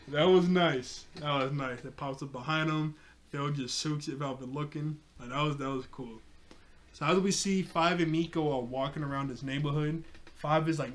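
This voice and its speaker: A man with a slightly raised voice talks through a cartoon episode he just watched. He rambles excitedly and stacks up fillers as he retells scene after scene in a loose, casual recap. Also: fairly high pitch, moderate pace. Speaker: TV episode reviewer.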